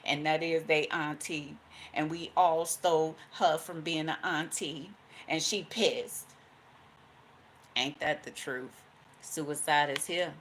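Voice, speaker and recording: A woman's voice: low voice, fairly even intonation, slow pace, a bit bright, slight background noise. A woman giving a casual spoken tarot reading, profane and full of stories, acting out the voices she quotes and laughing often. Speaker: tarot card reader.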